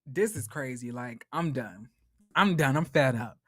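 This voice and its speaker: A man's voice: very high voice, fairly quick, sharp tone, no room sound, clean studio sound, exaggerated voice. A commentator acting out a worn-out young man who pleads and says he is fed up. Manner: weary, pleading.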